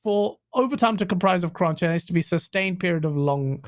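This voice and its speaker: A man's voice: high-pitched, fairly quick. A man, a guest on a casual podcast, talking bluntly and joking with the host. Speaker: guest content creator.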